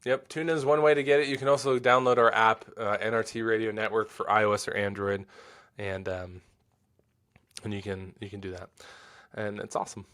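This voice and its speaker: A man in his forties, the founder of a site, chatting casually while reading out and answering viewer questions, self-deprecating and quick to laugh. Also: on the low side, flat delivery, fairly bright tone. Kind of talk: casual livestream Q&A.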